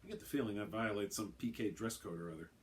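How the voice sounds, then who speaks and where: A man narrating his own story aloud in a brisk, wry way. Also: lowish voice.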